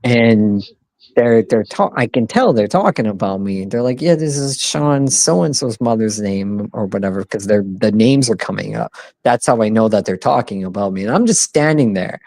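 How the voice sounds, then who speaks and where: A man's voice: fairly low pitch, expressive, normal speed, darkish tone, no room sound. A man in his thirties telling a rambling, profane story in casual podcast chat, acting out the voices of people he quotes. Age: 30s. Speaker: podcast co-host.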